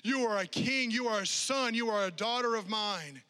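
A male preacher voicing Jesus as a gentle, loving man, speaking slow, tender affirmations that are partly whispered. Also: high voice, pitched above the performer's own voice. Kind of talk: quoted voice in a sermon.

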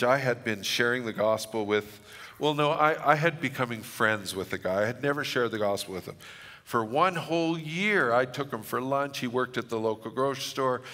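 A man's voice: medium pitch, bright, forceful tone, in a large hall. A middle-aged man preaching a sermon, telling stories with humor and reading scripture dramatically. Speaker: pastor.

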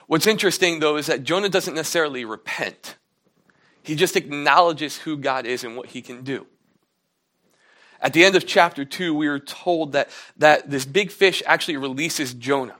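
A man's voice: on the high side, normal speed, pushed and bright. A young man preaching a casual, storytelling sermon, acting out the characters' lines as he retells a Bible story. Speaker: pastor.

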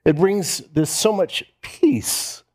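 A man's voice: high voice, lively intonation, slow pace, a little mellow. A man preaching a sermon to a congregation, conversational, repeating phrases and asking the room questions. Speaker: pastor. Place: church hall before a congregation.

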